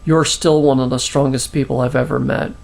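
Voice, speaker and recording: A man's voice: mid-range voice, steady tone, brisk, vocal fry, a little mellow, close to an everyday voice. A man reading a protective, devoted lover. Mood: earnest.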